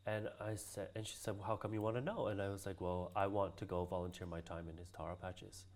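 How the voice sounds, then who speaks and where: A man's voice: deep voice, fairly even intonation, quick pace, darkish tone. A man telling a story in a casual interview, laughing often and acting out the voices of the people he quotes. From Hawaii. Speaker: guest, cultural practitioner.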